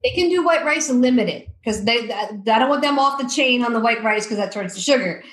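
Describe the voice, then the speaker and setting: A woman guest telling lively stories in a podcast interview, acting out the quotes. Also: on the high side, fairly quick, echoey room, poor audio. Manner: lively storyteller, acts out quotes. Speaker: guest, addiction coach.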